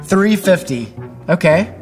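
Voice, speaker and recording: A woman's voice: fairly low pitch, animated, slow pace, darkish tone, soft background music. Upbeat woman pastor quizzing kids. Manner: upbeat and encouraging, with playful teasing questions; chatty, with frequent fillers and restarts. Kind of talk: interviewing children on a church show.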